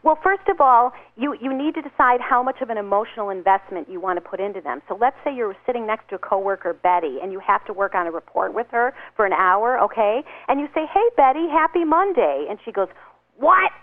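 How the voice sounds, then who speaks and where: A woman's voice: medium pitch, expressive, quick pace, hardly any pauses. A woman author giving upbeat advice in an interview, acting out little dialogues as she explains. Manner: upbeat, acts out quoted dialogue. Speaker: guest author. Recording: tinny phone line.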